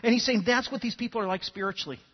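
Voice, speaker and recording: A man's voice: very high-pitched, rapid-fire, long reverb tail, highs cut off. A man preaching a sermon, telling stories and often repeating words as he starts sentences. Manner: animated storytelling, repeats words when starting. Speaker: pastor.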